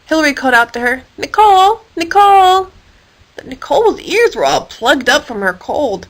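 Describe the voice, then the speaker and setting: Lively woman reading a children's story. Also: high voice, a little fast, low-quality recording. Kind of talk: storybook read aloud for children.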